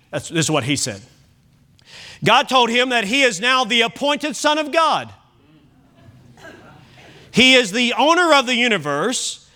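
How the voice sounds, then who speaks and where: A man preaching a sermon as pastor, emphatic, with big swings in loudness and chatty asides and self-corrections. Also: very high-pitched.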